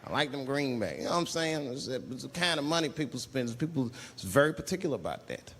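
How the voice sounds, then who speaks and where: Stand-up comedian, animated, in a reverberant theater. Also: male voice, medium pitch, fast, slight background noise. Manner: loose storytelling, acts out characters with shrieks and shouts. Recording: live theater with crowd and long reverb. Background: audience laughter.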